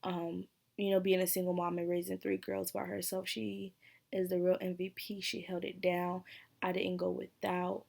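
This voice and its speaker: Young woman vlogger, candid and emotional, level pitch with little movement, frequent sighs and hesitations. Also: monotone, normal speed, creaky, darkish tone. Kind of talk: personal vlog talking to camera.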